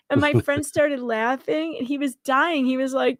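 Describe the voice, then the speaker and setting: A woman's voice: sits high, a little fast, few pauses, no echo. A woman co-hosting a casual livestream, telling stories and teasing her co-host. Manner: animated storyteller, teasing.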